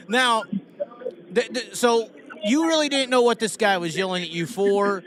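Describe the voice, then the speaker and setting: A man hosting a live stream, chatting casually in an excitable, teasing way. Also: high-pitched, moderate pace, a crowd in the background. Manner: excitable, teasing, laughs often.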